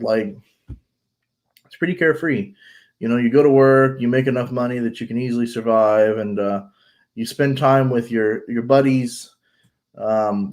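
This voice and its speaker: A man talks in a loose, rambling way, swearing freely and circling back on his words. His voice carries a stuffed-up, allergy-congested sound, and his pitch sits at an ordinary middle level for a man. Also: a little mellow. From United States. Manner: rambling, blunt, profane, many fillers and restarts. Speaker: vlogger. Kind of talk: casual chat.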